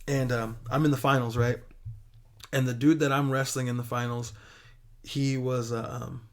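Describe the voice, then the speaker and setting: A young man telling a story in a casual podcast chat, swearing often and animated as he tells it. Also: medium pitch, moderate pace. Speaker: podcast guest.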